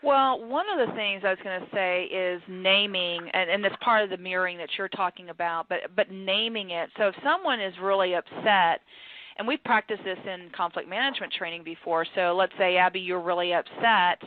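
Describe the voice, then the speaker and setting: A woman's voice: on the low side, fairly quick, slight background noise. A woman with a Texan accent hosting a casual radio panel on conflict coaching, chatty and full of restarts. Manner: chatty, many restarts and fillers, acts out quotes. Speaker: radio show host. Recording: tinny phone-line internet radio.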